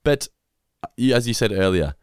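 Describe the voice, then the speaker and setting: A man co-hosts a podcast, recapping episodes in chatty, casual talk. His voice is very deep, yet his pitch moves in a lively way, and he swears freely. The sound is dry and close. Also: moderate pace, smooth, no echo. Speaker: podcast co-host. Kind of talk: casual chat.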